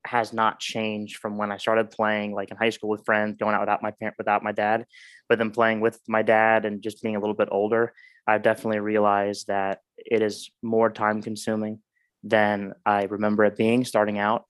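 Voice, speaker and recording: Male co-host, reflective and measured, monotone delivery. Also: lowish voice, smooth, no echo. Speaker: podcast co-host. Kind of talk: casual chat.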